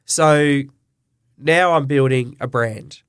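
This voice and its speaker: A man's voice: medium pitch, slow pace, clear, resonant tone, no echo, studio quality. A middle-aged Australian man, a butcher and business owner, telling his story candidly and with feeling in an interview. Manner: earnest, emotional storyteller who acts out quoted dialogue.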